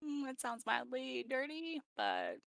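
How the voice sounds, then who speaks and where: Bright, crisp-voiced giggly woman host. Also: high-pitched, huge pitch swings, measured pace, no room sound, low-quality recording. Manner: giggly, playful, jokey. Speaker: stream host. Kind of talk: casual chat.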